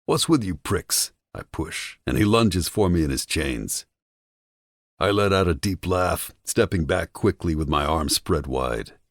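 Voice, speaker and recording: Very deep, gravelly male audiobook narrator. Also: measured pace, dry recording, studio quality. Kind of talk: first-person audiobook narration.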